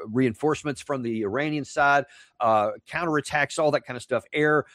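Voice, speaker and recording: A man hosting an interview, halting and restarting as he thinks aloud. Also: medium pitch, a bit bright, no room sound. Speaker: host.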